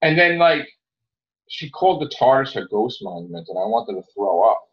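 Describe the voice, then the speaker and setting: A man's voice: mid-range voice, big pitch swings, moderate pace. A man hosting a casual podcast chat, ranting and swearing freely. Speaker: podcast host. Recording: dull lo-fi audio.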